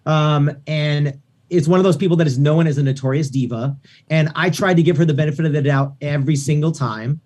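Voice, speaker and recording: A man, a record producer guest, chatting casually on a podcast and telling animated stories with acted-out quotes. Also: a little high, a little fast. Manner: animated storytelling, acts out quoted voices.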